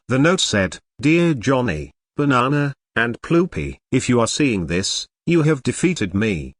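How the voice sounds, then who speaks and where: A man's voice: medium pitch, dry recording, studio quality. A man narrating a homemade story, reading expressively. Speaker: story reader.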